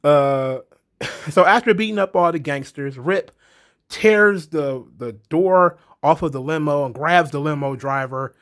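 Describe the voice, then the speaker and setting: A man's voice: on the high side, unhurried, a bit bright. Blunt, rambling male movie reviewer. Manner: blunt, rambling, swears freely.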